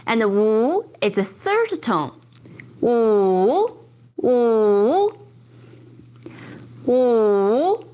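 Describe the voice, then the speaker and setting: A woman tutors counting in a scripted video, stretching each word out and repeating it patiently. Her voice sits very high and swoops up and down, and she speaks at an extremely slow pace. The audio is dull and lo-fi. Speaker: online Chinese tutor. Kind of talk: scripted language lesson video.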